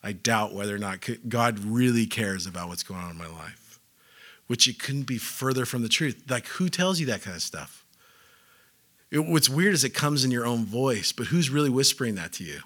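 This male preacher is young and keeps his sermon loose and playful, his medium-pitched voice moving at a moderate pace. He gets animated, cracks jokes, and performs small character voices to illustrate ideas.

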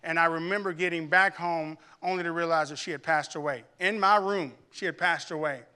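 A man from Arkansas preaching a sermon in church, telling a personal story and building to loud, emphatic preaching. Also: a little high, steady tone, a little fast, smooth. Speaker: pastor.

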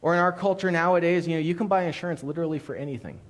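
A man in a church sanctuary delivering a sermon with a fairly high voice. He tells the story with lively asides to the congregation, joking one moment and earnest the next. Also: racing. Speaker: pastor.

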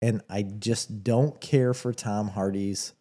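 Easygoing man with a mellow, low voice. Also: steady tone, slow. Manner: easygoing, rambling with fillers. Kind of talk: casual chat.

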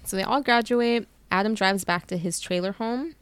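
A woman's voice: medium pitch, moderate pace, clean tone, dry recording. A woman co-hosting a book podcast, casually retelling the plot with swearing and laughter. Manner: retells the plot, swears freely, laughs at her own reactions. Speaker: podcast co-host recapping a book. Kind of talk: casual chat.

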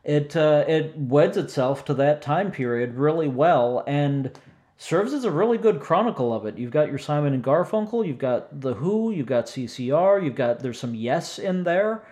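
A man's voice: on the high side, animated, normal speed, darkish tone. A man in his forties co-hosting a casual chat about movie soundtracks, talking chattily, often laughing and correcting himself mid-sentence. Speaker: podcast co-host.

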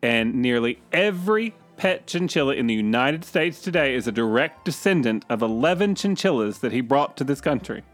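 A man's voice: medium pitch, lively intonation, normal speed, hardly any pauses, soft background music. A man co-hosting a comedy podcast, sharing facts in a wry, dry way. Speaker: podcast co-host. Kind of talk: casual comedic chat.

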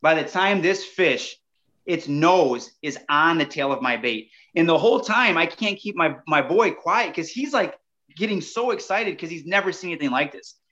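A man with a slightly high voice tells a story as a podcast guest, animated and chatty. He keeps turning to the listeners directly. The audio sounds dull and lo-fi. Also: moderate pace. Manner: animated, addresses listeners as "you guys". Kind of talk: casual storytelling.

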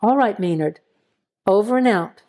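A woman narrator plays a calm police dispatcher on the radio. She speaks briskly and plainly in a warm, mellow voice. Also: mid-range voice, close to an everyday voice. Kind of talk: audio horror story reading.

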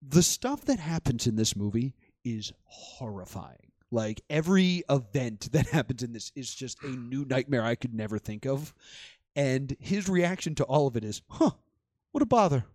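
A man's voice: mid-range voice, animated, normal speed, darkish tone, no echo. A young man casually chatting about movies as a podcast co-host, acting out his own reactions.

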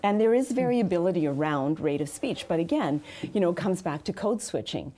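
A woman who works as a speech and accent specialist, answering interview questions in a measured, practical way with frequent fillers. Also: fairly low pitch, expressive, warm tone.

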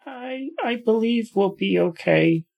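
A man's voice: high voice, expressive, slow, vocal fry, dull audio. Casual joking male player. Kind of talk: casual tabletop play.

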